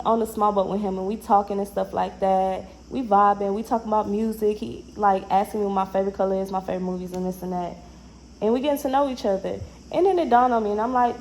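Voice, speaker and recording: A young woman casually telling a personal story in a slangy, animated way, acting out the lines she quotes. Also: mid-range voice, low-quality recording.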